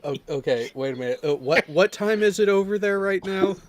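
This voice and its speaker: A man's voice: sits high, lively intonation, brisk. A man on a veterans' panel, teasing the others in a casual chat. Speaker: panel member.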